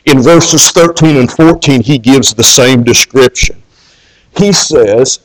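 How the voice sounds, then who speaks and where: A man's voice: mid-range voice, slow, low-quality recording. A male pastor preaching a sermon in an earnest way, often restarting and repeating words.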